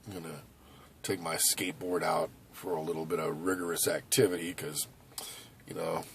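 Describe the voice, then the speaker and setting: A man in his forties from Southern California, chatting casually and rambling to camera as a vlogger, hyperactive and animated, outdoors at a skate park. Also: sits low, normal speed, gravelly, slight background noise. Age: 40s. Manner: hyperactive, animated, loose and conversational with many asides.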